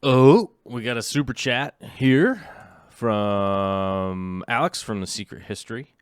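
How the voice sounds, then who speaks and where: A middle-aged man chats loosely on a livestream, restarting sentences and reading out viewer comments. His voice sits a bit low and sounds smooth and clear. The mic is close and dry, with no room sound. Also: slow pace, a bit bright, no room sound. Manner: rambling, many ums and restarts, reads viewer comments aloud. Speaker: livestream host. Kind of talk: casual livestream chat.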